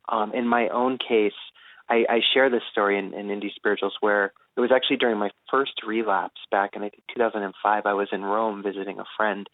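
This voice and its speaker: A man, an author being interviewed, talking in an earnest, thoughtful way and pausing between phrases. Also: lowish voice, no room sound. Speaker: author guest. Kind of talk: reflective interview talk. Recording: phone-like narrow band.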